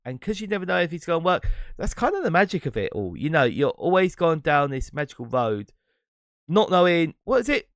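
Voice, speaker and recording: A man's voice: on the high side, big pitch swings, fairly quick, dry recording, clean studio sound. A man hosting his own podcast, talking alone in a rambling, reflective way and breaking into laughs now and then. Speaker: podcast host and streamer. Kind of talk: casual solo monologue.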